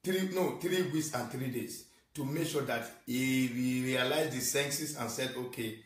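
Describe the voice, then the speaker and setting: A man with a Nigerian accent delivers a scolding, repetitive rant, jumping between loud outbursts and low muttering. His voice sits at an ordinary pitch for a man. He sounds set back from the mic in a roomy, echoing space. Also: unhurried, distant mic. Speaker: social media ranter. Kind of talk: angry rant in Pidgin and English. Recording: echoey room, voice off-mic.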